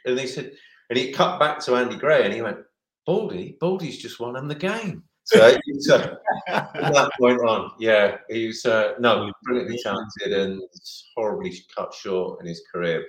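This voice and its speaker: A middle-aged man tells a rambling story in a relaxed interview, his voice sitting fairly low. He stumbles and restarts often and slips into other people's voices for the quotes. The room adds a noticeable echo. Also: normal speed. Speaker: former goalkeeper, guest. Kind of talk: casual anecdote-telling. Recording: roomy echo.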